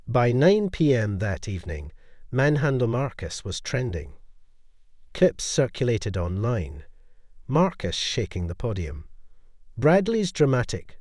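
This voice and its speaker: A man telling a scripted story as narrator in a lively storytelling way. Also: mid-range voice, dry recording, studio quality.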